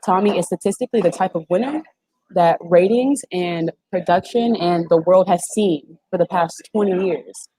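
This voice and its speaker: A woman's voice: on the low side, moderate pace, warm tone, breathy edge, no echo, low-quality recording. A woman in her twenties, a guest on a video call interview, talking in an emphatic, slangy, casual way. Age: 20s. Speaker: guest, former reality show contestant.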